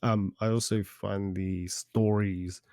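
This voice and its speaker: Young guy on a podcast, stammers a lot, low mellow voice, dry sound. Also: flat delivery, takes it slowly, no room sound. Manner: hesitant, stammering. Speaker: podcast guest. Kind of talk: casual chat.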